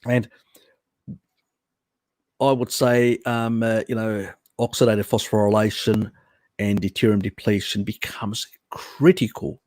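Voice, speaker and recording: A man's voice: fairly low pitch, level tone, a little slow, pauses often, darkish tone, dry recording, studio quality. A man hosting a live stream, answering viewer questions in a blunt, rambling way with many fillers and restarts. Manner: blunt, casual, swears. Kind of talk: unscripted live Q&A.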